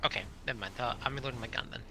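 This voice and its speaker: A man's voice: medium pitch, very fast, crowd noise. A man playing a tabletop role-playing game, hesitant and unsure of the rules. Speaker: player. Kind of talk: casual tabletop game chat.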